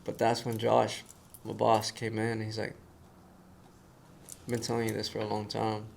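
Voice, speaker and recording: A man telling a story in casual conversation, animated and acting out the voices of the people in it. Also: on the low side, moderate pace, gravelly, a little hiss or hum. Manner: animated storyteller who acts out quoted voices. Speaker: guest.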